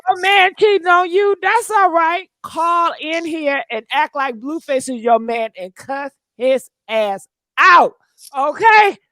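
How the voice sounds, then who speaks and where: A woman hosting a call-in talk show, loud, profane and sassy, laughing often. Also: very high-pitched, takes it slowly, no echo, clean studio sound. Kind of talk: casual call-in chat.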